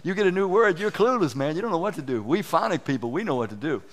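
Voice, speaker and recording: Folksy man preaching, pitch up high. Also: fast, a little hiss or hum. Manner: conversational, folksy, repeats words and restarts often; animated, acts out inner voices. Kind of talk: sermon.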